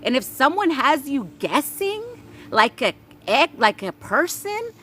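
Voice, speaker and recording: A woman's voice: high voice, big pitch swings, unhurried, sharp tone. A woman giving a spiritual message to her viewers, blunt and emphatic, swearing freely and repeating her points like a sermon. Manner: repetitive, preachy cadence. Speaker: spiritual reader.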